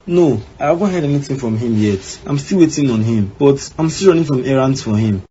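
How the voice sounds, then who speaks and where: A man's voice: medium pitch, expressive, brisk, mellow, natural voice. A man voicing an evasive young husband in a cartoon, answering defensively. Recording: slightly dull with faint background noise.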